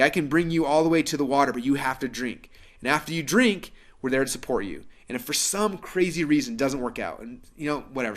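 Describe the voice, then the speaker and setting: A man hosting a webinar, making an earnest sales pitch with lots of fillers. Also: a bit bright. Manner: fast, earnest, persuasive, many fillers. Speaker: webinar host pitching a course.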